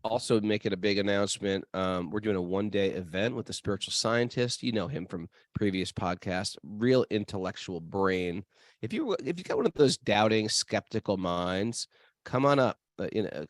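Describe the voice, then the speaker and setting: Male podcast host, low voice, dry close sound, playful talker who stumbles and restarts. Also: dry recording. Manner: chatty, many restarts, playful. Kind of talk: casual podcast chat.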